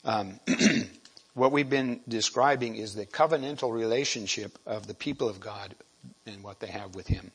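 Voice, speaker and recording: A man giving a sermon, halting and repeating words, often clearing his throat. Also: lowish voice, a bit bright, rough recording. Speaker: lay preacher.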